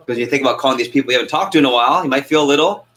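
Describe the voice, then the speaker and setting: A man coaching a sales training class, energetic and quizzing the group with questions. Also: mid-range voice, rapid-fire, rough recording. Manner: energetic, asks the group questions and acts out phone calls.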